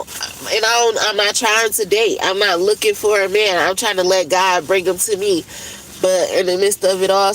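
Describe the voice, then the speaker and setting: A woman's voice: mid-range voice, low-quality recording. Blunt, profane woman in her thirties venting. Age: 30s. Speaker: livestreamer. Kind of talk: casual venting monologue.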